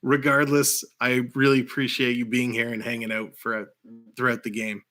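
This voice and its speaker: A man's voice: mid-range voice, level tone, pushed and bright, soft background music. A man with a Canadian accent calling live hockey play by play and chatting with viewers between plays. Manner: rapid play calls mixed with chatty asides to viewers, laughing often. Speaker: play-by-play host.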